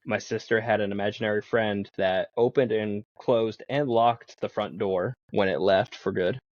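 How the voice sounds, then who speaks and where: Podcast guest, a man with a lowish voice; loose, chatty storyteller, slightly muffled dry sound. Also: fairly even intonation, moderate pace, darkish tone, no room sound. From Pennsylvania. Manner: rambling, laughs often, swears casually. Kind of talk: casual storytelling.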